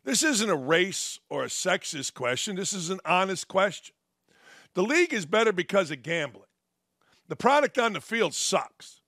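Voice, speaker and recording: A man's voice: sits high, sing-song, normal speed, pushed and bright, dry recording, studio quality. A man hosting a sports talk show, delivering a combative, sarcastic opinion monologue. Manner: combative, sarcastic, mocking quotes.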